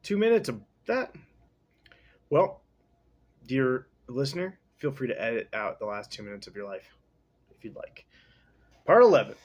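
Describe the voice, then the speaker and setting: A man hosting a podcast, casually recapping and reading a novel with slangy, rambling, deadpan asides. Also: medium pitch, moderate pace, pauses often, highs cut off.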